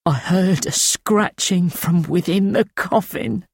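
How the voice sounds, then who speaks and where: A man reading a story aloud, voicing a feverish, frightened male peasant with a thin, rasping voice who pleads shakily through tears. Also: sits high, takes it slowly, no room sound, clean studio sound, pitched above the performer's own voice, exaggerated voice. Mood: pleading. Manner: pleading, shaky and tearful. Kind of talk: audiobook character voice.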